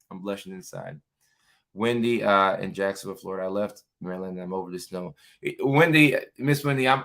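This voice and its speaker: A man's voice: fairly low pitch, a bit bright. A man hosting a casual livestream, upbeat, greeting viewers by name and reading their comments aloud. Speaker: livestream host. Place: home setup, lives in California.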